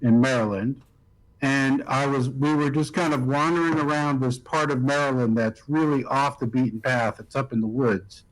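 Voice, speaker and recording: A man from New talks in a casual, wry way. He tells stories and swears lightly. His voice sits at an ordinary middle pitch. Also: steady tone, normal speed, poor audio. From New York. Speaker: guest on a live stream. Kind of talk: casual chat.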